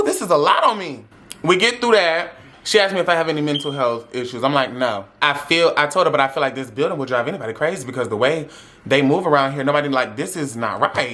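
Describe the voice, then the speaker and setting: A man's voice: a little high, sharp tone. A young man speaking tells a dramatic, sassy story to his audience, acting out every voice in it. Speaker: vlogger telling a story. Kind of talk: animated storytime.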